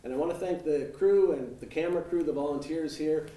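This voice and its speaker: A man moderating a televised debate in a studio, relaxed and dotted with filler uh's. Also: a little high, a little fast. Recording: echoey, distant mic, faint noise.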